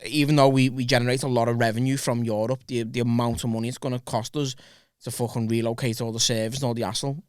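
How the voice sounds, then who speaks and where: A man's voice: medium pitch, flat delivery, quick pace, clean tone, dry recording, studio quality. A man co-hosting a casual podcast chat, swearing and using slang. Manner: swears a lot, uses English slang. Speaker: podcast co-host.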